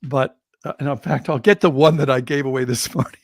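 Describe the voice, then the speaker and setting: A man with a gravelly, fry-edged voice tells a story on a podcast, reflective and warm in pacing. His voice sits at an ordinary pitch and sounds close and dry, with no room around it. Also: fast, no room sound. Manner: reflective, animated when quoting others. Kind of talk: conversational storytelling.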